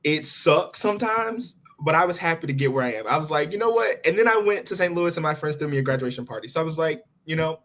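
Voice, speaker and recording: A young adult man, a recent college graduate, talking as a guest in a casual conversation and telling his story with animated frustration. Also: on the high side, fast talker, few pauses.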